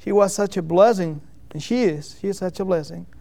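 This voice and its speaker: Man, preacher, sermon, high-pitched, gravelly, earnest, repeats phrases. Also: fairly quick, warm tone.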